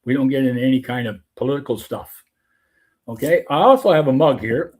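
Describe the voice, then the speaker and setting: An older man from hosting a softball podcast, chatting in a folksy, rambling way. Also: mid-range voice, a little fast. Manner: folksy, rambling with many uh fillers. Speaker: podcast host. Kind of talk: casual chat.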